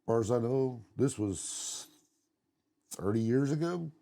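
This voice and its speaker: A man's voice: mid-range voice, expressive, takes it slowly, creaky, mellow. A middle-aged man co-hosting a podcast, telling long personal stories in a blunt, casual way and swearing freely. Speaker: podcast co-host. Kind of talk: casual conversation.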